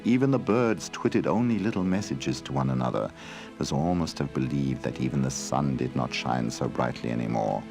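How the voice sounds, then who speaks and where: A man giving scripted storybook narration in a gentle, expressive reading voice. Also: a bass voice. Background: faint music.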